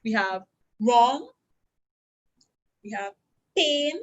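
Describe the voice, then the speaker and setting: A woman's voice: on the high side, expressive, drawn-out words, muffled recording. A woman with a Trinidadian accent teaching basic sign language step by step at a university orientation, patient and instructional. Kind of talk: teaching a class.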